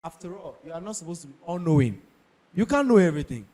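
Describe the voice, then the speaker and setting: Young Ghanaian male speaker, slightly high voice, emphatic, repeats his points, asks listeners if they follow. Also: very animated, quick pace, dark tone. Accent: Ghanaian English. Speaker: speaker giving career advice. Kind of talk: talk to an audience.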